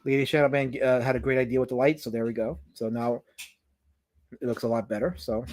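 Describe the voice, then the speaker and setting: A man's voice: medium pitch, steady tone, brisk, darkish tone. A man hosting a live drawing stream, chatting casually and slipping into mock-offended, theatrical complaints. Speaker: livestream host.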